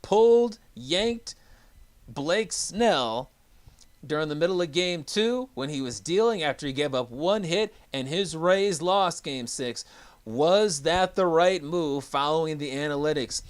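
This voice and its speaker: A man's voice: fairly high pitch, animated, measured pace. A man co-hosting a sports talk podcast, with upbeat, hype announcer energy in casual chat. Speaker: podcast co-host.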